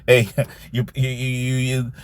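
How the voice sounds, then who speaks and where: A man teaching scripture in a loose, conversational way, reading verses slowly and commenting, often adding "man" and "you see". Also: medium pitch, completely flat delivery, clear, resonant tone, no room sound. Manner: reads verses aloud slowly, then comments.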